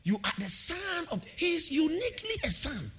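A lively male preacher delivers a sermon in a high, ringing voice. His pitch leaps around as he calls out to the congregation and repeats his points in a sing-song way. The tone is bright and forceful. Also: normal speed. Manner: repeats phrases, laughs between points.

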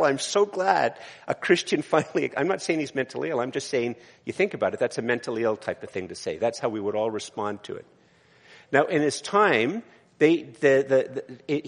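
A man's voice: mid-range voice, big-room sound. A man, a pastor, preaching a conversational sermon in a church, with frequent restarts and asides.

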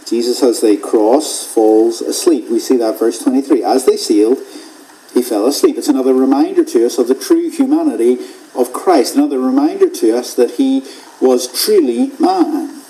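A man preaching an expository sermon in a measured way, repeating phrases for emphasis and dropping to a hush at key points. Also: mid-range voice, expressive, low-quality recording.

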